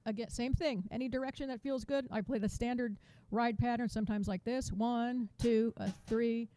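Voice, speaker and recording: A woman teaching a drum masterclass over a video call, chatty and counting beats out loud. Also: on the high side, fairly even intonation, normal speed, a little hiss or hum. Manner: chatty, restarts sentences, counts beats aloud.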